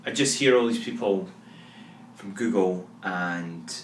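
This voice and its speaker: A man's voice: low voice, slow pace, far from the mic. A young Scottish man co-hosting a podcast, trading teasing, sweary banter. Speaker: podcast co-host. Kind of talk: casual chat. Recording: echoey room, faint hum.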